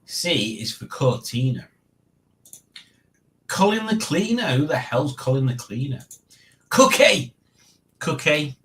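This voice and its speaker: Rambling, animated man hosting a stream. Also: medium pitch, a little slow, long pauses. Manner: rambling, self-mocking, chatty with viewers. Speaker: livestream host. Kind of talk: casual chat.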